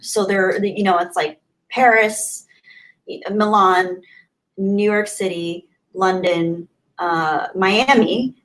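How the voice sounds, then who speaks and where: A woman hosting a casual livestream, chatting and laughing as she reads viewer comments aloud. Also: medium pitch. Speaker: livestream host. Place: home in Southern California.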